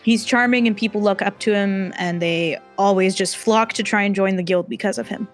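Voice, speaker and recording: A woman's voice: medium pitch, a little fast, faint music behind. A woman narrating a tabletop game as game master, chatty and rambling, with many fillers.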